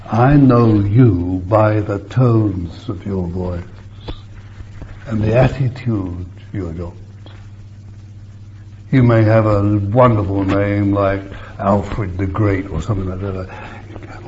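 An older man preaching a sermon, swinging between loud emphatic bursts and soft hushed asides, on a muffled old recording with faint hiss. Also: on the low side, fairly even intonation, slow, pauses often.

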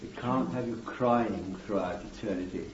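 A man's voice: lowish voice, normal speed, a little hiss or hum. A man preaching a fervent sermon, calling his listeners beloved and breaking in with amen and hallelujah. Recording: dull distant recording in a roomy hall.

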